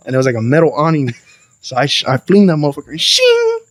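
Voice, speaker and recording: A young man, a podcast guest telling a wild story in a lively, profane, slangy way. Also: mid-range voice, racing. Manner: animated, profane, slangy storytelling with acted quotes. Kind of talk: casual storytelling.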